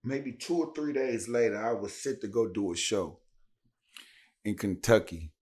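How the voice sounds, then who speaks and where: A man's voice: on the low side, measured pace. A man, telling a story casually as a podcast guest and acting out the dialogue. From Tennessee. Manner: animated, acts out dialogue with raised voice.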